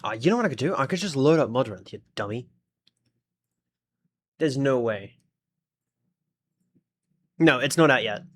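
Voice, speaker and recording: A man's voice: medium pitch, expressive, a little slow, pauses often, fairly bright tone. A man with an Australian accent, chatting casually with his audience during a gaming livestream in a rambling, talkative way. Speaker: streamer.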